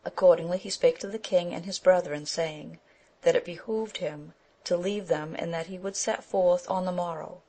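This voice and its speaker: Woman, audiobook narration, steady and measured, low voice, gravelly. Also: rough recording. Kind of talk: scripted narration.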